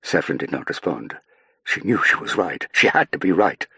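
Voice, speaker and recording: Reading from a script, a male audiobook narrator tells the story evenly and deliberately, his very deep voice carrying a husky texture. The recording is tight and dry, with no sense of space and no echo.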